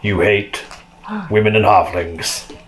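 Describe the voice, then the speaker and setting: A man playing a tabletop game, describing his character slowly with laughs. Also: on the low side, steady tone, a bit bright. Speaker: player. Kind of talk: tabletop role-play.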